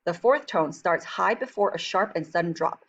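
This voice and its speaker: A woman teaching a Chinese textbook lesson, talking quickly and chattily, and slowing down for careful pronunciation demonstrations. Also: lowish voice, expressive, fairly bright tone, dull audio, slight background noise. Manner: fast-talking, chatty, switches into slow careful Mandarin demonstrations.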